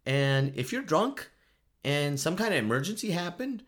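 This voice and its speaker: A man's voice: on the high side, big pitch swings, moderate pace. A man giving a casual, joking commentary monologue, often laughing at himself. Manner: joking, self-mocking, frequent laughs. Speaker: vlogger.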